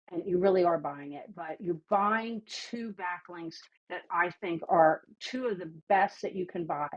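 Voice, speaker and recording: A woman speaking as a podcast guest in a casual panel chat, opinionated with lively asides and a slight lisp from teeth whitening strips. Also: lowish voice, slightly rough, muffled recording.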